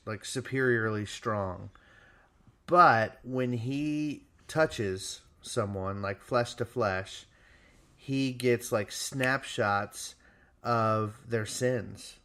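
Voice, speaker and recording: A man's voice: fairly low pitch, a bit bright. A man co-hosting a podcast, casually reviewing a movie with enthusiasm and some teasing. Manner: enthusiastic, teasing, explains plot details. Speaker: podcast co-host.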